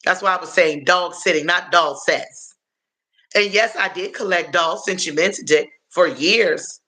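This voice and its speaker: A man hosting a live stream, chatting in a rambling way, answering viewers' comments, calling them y'all, and filling pauses with um and uh. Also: high voice, pushed and bright. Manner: halting, with frequent um and uh fillers. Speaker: livestream host answering chat. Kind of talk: casual live-stream chat.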